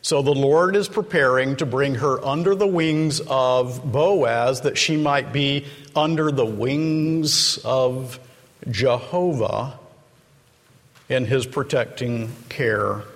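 A man preaching a sermon, retelling the story slowly and dramatically and acting out the quoted lines. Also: medium pitch. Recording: long hall reverb.

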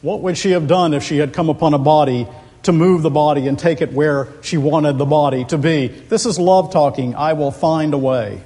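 A man preaching an expository sermon, slow and deliberate, building to impassioned emphasis, in a large church. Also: fairly high pitch, dark tone. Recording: long hall reverb.

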